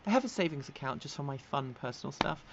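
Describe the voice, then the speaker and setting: Animated and fast-talking, an Englishwoman with a rumbling low voice hosts an electric vehicle news live stream, chatting and reacting to viewer comments with many ums and frequent laughs. Her English accent sometimes slips toward American. The audio has its highs cut off and a noisy background.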